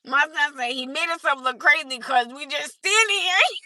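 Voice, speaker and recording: A woman chatting casually on a livestream from her car, laughing often as she tells animated stories. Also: high-pitched, moderate pace, no room sound. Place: in a car at a drive-through.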